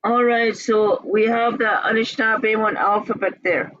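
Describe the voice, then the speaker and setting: A woman teaching a language class, breaking words into syllables and repeating them slowly and patiently. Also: fairly high pitch, steady tone, a bit bright, dry recording, highs cut off. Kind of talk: slow, patient classroom instruction.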